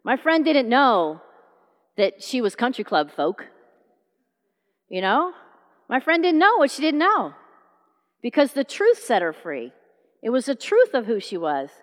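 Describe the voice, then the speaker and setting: A woman's voice: on the high side, measured pace, pauses often, big-room sound. A middle-aged woman preaching a sermon, telling stories and acting out the dialogue. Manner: animated storytelling, acting out dialogue.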